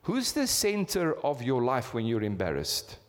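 South African pastor preaching in a reverberant church hall. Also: male voice, mid-range voice, wildly swooping pitch, a little slow. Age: 50s. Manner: asks the congregation rhetorical questions, repetitive emphatic preaching. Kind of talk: sermon.

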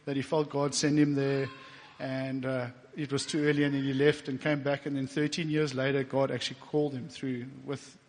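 A man's voice: medium pitch, little pitch movement, normal speed. A South African man preaching a personal testimony sermon in a church, talking conversationally and emotionally, with quoted inner speech and fillers. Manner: emotional, getting teary at times. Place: church hall. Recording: long church reverb.

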